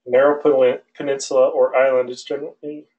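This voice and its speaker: A male aviation instructor lecturing an online class in a relaxed, loose way, with many fillers and restarts. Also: medium pitch, quick pace, muffled recording. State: out of breath.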